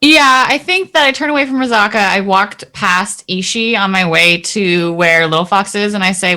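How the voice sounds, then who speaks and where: A woman's voice: mid-range voice, a little slow, bright, forceful tone. A woman playing a tabletop game, wry and a bit indignant. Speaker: player. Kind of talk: casual tabletop play.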